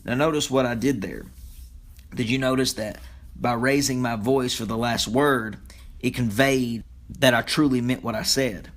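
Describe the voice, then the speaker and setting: Man, instructor, podcast lecture, plain explanatory tone, middle pitch, occasional fillers. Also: fairly even intonation, moderate pace. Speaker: speech communication instructor.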